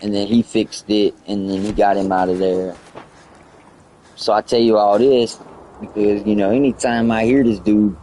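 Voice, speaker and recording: A man on a live game stream, casually telling a story in a profane, excitable way. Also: on the low side, normal speed, a little hiss or hum. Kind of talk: casual storytelling while gaming.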